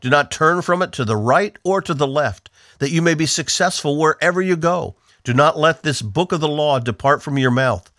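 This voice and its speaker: A man's voice: a little high, expressive, normal speed, hardly any pauses, fairly bright tone, no echo, clean studio sound. A man from the northeastern United States giving an earnest, emphatic devotional Bible teaching on the radio.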